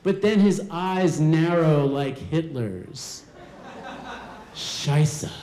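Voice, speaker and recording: A man telling a personal story on stage, animated and acting out the voices of the people in it. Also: on the high side, extremely slow. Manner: animated, acts out quoted voices. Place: live storytelling show venue. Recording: roomy hall sound.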